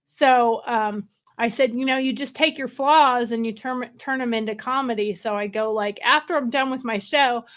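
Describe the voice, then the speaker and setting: A chatty woman with a drawl talks casually to her livestream viewers from a hotel room. Her voice sits a little high, and she rambles on in a wired, excited way. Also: normal speed. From California. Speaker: livestream host.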